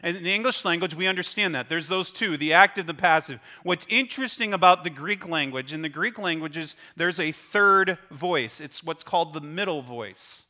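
A man's voice: fairly high pitch, moderate pace, few pauses, pushed and bright. A middle-aged male pastor preaching a sermon, earnestly explaining a passage and often repeating his words as he goes.

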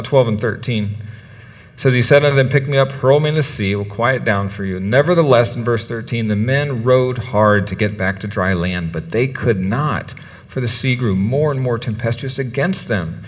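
Male pastor, sermon, animated storytelling, long church reverb. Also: mid-range voice. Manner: animated, acts out biblical characters' words. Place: church in the UAE.

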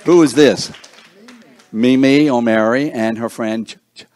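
A man's voice: mid-range voice, a little slow, darkish tone, dry recording. An older man hosting a seniors breakfast, introducing guests one by one with playful teasing and stumbling over names. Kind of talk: introducing people in a room, joking.

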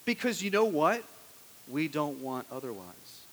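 A man's voice: a little high, sing-song, measured pace, a bit bright, long reverb tail. A man preaching a sermon as a pastor in a conversational style, often asking his listeners "right?".

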